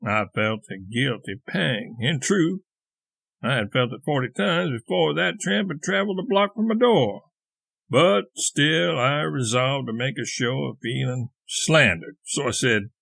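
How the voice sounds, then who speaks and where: A male audiobook reader telling a classic story in a measured, even way. His voice is gravelly, of middle pitch, and recorded close and dry with no room sound. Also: no room sound. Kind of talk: reading a classic short story aloud.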